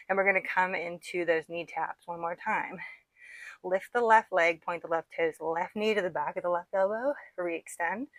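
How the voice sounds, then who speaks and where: A woman's voice: on the low side, fairly bright tone, no room sound. Out-of-breath woman coaching a workout. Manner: encouraging, counts out reps. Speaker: fitness instructor. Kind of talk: guided workout instruction.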